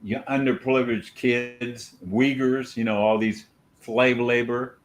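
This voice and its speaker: Male podcast host, opinionated rambler, chewing gum, casual talk, middle pitch. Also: level tone, measured pace. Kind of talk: casual banter.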